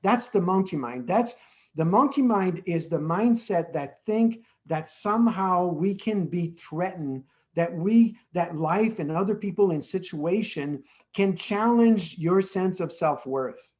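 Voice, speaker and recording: A man's voice: high-pitched, animated, a little slow, highs cut off. A man being interviewed as the founder of an addiction treatment center, explaining earnestly and often checking in with "right?".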